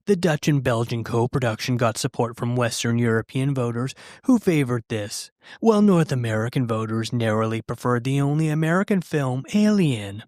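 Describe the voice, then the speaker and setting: A man's voice: mid-range voice, animated, moderate pace, hardly any pauses, darkish tone, no room sound. A man reading out vote results in a dry, matter-of-fact way with wry asides. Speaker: results narrator.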